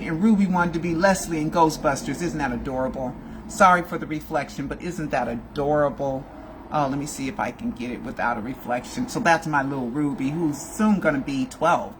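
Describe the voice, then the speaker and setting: Woman in her sixties, low voice, chatty and rambling, home video, faint hiss behind. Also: moderate pace. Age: 60s. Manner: chatty, digressive, emotional. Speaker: video host. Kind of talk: casual chat to camera. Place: home room.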